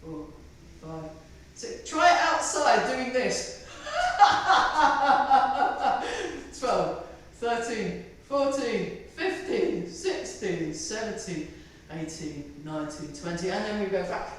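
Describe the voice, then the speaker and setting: A woman's voice: medium pitch, expressive, slow, few pauses. A woman leading a tai chi fitness class, counting reps with chatty, self-mocking asides and giggles. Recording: echoey room, voice from far off the mic.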